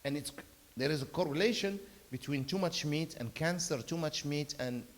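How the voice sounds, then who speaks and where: High-voiced man preaching in an echoing hall. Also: normal speed. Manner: conversational preaching with emphatic bursts and soft storytelling asides. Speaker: imam giving Friday khutbah. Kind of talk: sermon. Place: mosque prayer hall. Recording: long reverb of a large hall.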